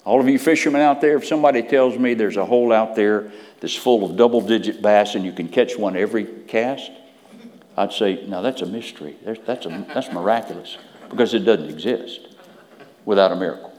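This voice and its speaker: A low-voiced man preaching a sermon. He drops to hushed whispers, then climbs to loud, emphatic peaks. His voice rings with a long reverb, as in a church sanctuary. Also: brisk.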